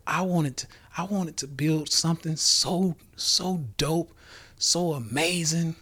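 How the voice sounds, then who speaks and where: A man's voice: a little high, slow, pushed and bright. A man in his thirties, hosting a live motivational rant from home on a phone, brash and profane, calling out to his audience and sometimes dropping to a whisper. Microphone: phone on a live stream.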